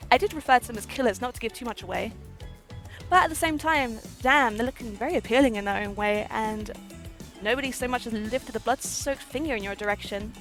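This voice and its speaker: A woman streams herself playing a dating game, reading the characters' lines aloud in a slightly high voice. She reacts with giggles and tries out goofy as she goes. Soft game music plays faintly behind her. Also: a little fast. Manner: giggly, excitable, trying out silly accents.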